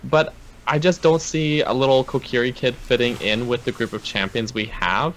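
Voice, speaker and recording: A man co-hosting a casual panel chat. He talks in a relaxed, measured way and often murmurs agreement. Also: mid-range voice, a little hiss or hum, poor audio. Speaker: co-host.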